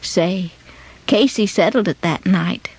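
A woman narrating a children's moral story in a dramatic, expressive way. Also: lowish voice, takes it slowly, husky.

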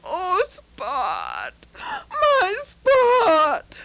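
Woman putting on a young boy, high voice, excited, tearful, storybook. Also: slow pace, no room sound, exaggerated voice. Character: eager young boy who loves his dog.

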